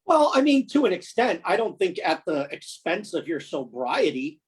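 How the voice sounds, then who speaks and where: A man co-hosting a casual podcast, talking in a rambling, halting way with many restarts. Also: sits high, sing-song, slightly rough, poor audio. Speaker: podcast co-host. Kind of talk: casual chat.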